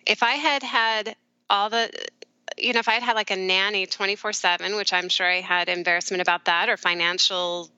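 A middle-aged woman, a therapist guest, speaking candidly and reflectively in a conversational interview, with soft laughs along the way. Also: mid-range voice, steady tone, fairly quick, smooth, no echo, dull audio. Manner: warm, reflective, often laughing softly.

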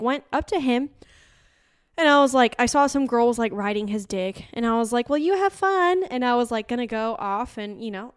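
A young woman with a fairly high, smooth, clear voice chats candidly on a podcast. She tells stories with frequent laughs and a steady stream of "like", relaxed and unfiltered. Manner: laughs often while telling stories, frequent "like". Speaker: podcast co-host. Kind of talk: candid casual chat.

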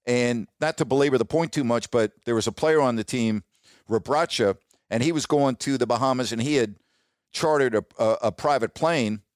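A middle-aged man, a sports broadcaster, telling stories casually and warmly, dropping his voice when he quotes others. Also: normal speed, no room sound, studio quality. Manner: warm, reminiscing, quotes others in a lowered voice. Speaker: sports broadcaster, podcast host. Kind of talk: casual storytelling monologue.

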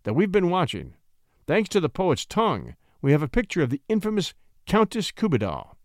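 A man voicing a stern older duke who speaks in a measured, commanding way. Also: high voice, wildly swooping pitch, darkish tone, no echo, clean studio sound, pitched above the performer's own voice, exaggerated voice. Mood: pointed.

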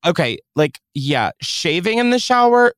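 A young man hosting a podcast in casual chat, animated and swearing freely. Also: sits high, unhurried, clean tone, no echo. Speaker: podcast host.

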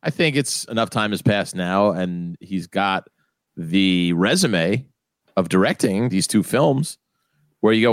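A man's voice: low-pitched, animated, unhurried, dry recording. A man in casual podcast chat, telling stories and mimicking people he met. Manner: storytelling, does voices of people he met. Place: New York.

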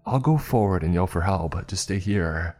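A man voicing a small, steady boy who talks casually and reassuringly. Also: low voice, normal speed, faint music behind.

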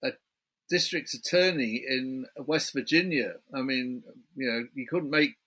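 A man's voice: medium pitch, measured pace, bright, forceful tone, slightly rough. A British man, an author guest in a remote interview, chatty and building his story point by point. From Britain.

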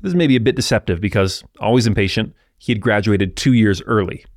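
Low-voiced man explaining history casually. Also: fairly quick, no room sound, clean studio sound. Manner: relaxed, explanatory, with asides to the listener. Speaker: history podcast host. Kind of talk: conversational history narration.

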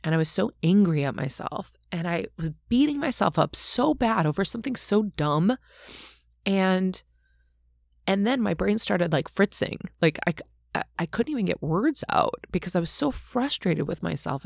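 A woman talking casually as an interview guest and author, telling animated stories and acting out quotes. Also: medium pitch, moderate pace, vocal fry, no echo, studio quality. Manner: animated storyteller, acts out quotes.

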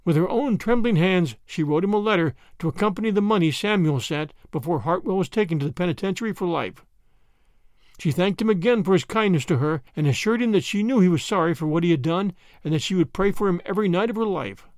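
A man narrating a classic short story in an expressive, measured storytelling manner. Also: high voice, no room sound, clean studio sound.

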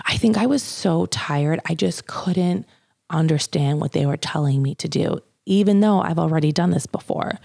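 A young woman shares a birth story in a casual, candid way, with the odd swear thrown in. Her voice sits low and carries a gravelly fry. The sound is close and dry, with no room around it. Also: a little slow, a little mellow, no room sound. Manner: candid, chatty, swears, quotes others in raised voices.

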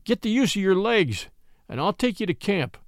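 Guy putting on a soft cook voice, warm and fretful, lively ups and downs, dry sound. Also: high-pitched, normal speed, no echo, pitched above the performer's own voice. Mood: soothing. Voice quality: soothing brogue, wailing when upset. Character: kindly old Irish camp cook, emotional.

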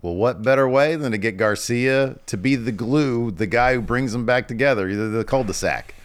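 An American man co-hosting a podcast, chatting casually about wrestling with quick laughs and playful bits. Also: mid-range voice. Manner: animated, laughing, mimics people in quotes. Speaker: podcast co-host.

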